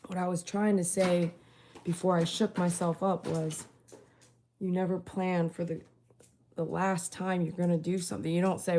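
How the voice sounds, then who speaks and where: Gravelly low-voiced woman, tender vlog talk. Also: level tone, normal speed, warm tone. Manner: tender and emotional, talks to her dogs. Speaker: dog groomer and rescuer. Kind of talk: casual vlog talk to camera.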